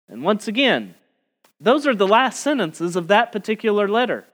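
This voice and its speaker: A man preaching an expository sermon, emphatic, rising on key words and slowing down to stress them. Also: sits high, animated.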